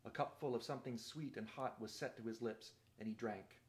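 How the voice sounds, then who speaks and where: Man reading a novel aloud, steady and measured. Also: medium pitch. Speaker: reader.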